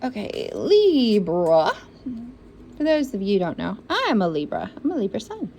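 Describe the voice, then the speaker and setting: A woman's voice: medium pitch, huge pitch swings, fast talker, vocal fry, darkish tone, slight background noise, low-quality recording. A woman giving a spiritual reading for zodiac signs, talking in an encouraging, repetitive and emotional way. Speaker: intuitive reader.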